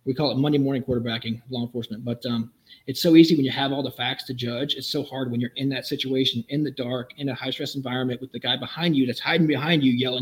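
A middle-aged man and former police officer rattles off his stories at a quick clip. He is wry and vivid, his pitch sits mid-range for a man, and he tells each tale like a practiced raconteur. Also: fairly even intonation, poor audio. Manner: brisk, vivid, wry storyteller. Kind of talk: anecdotal storytelling in a conversation.

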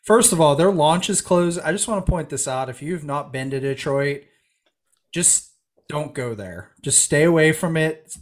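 Animated man telling a fishing story. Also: a little high, normal speed. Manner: animated storyteller, acts out quoted voices. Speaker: podcast guest telling a story. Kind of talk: casual chat.

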